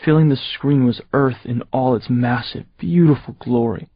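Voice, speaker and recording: A man narrating a first-person audiobook in a steady, measured storytelling voice. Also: mid-range voice, dry recording, dull audio.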